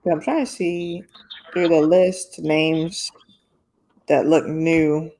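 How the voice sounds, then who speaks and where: A podcast co-host in casual sports chat, with slow, drawn-out, animated reactions. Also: medium pitch.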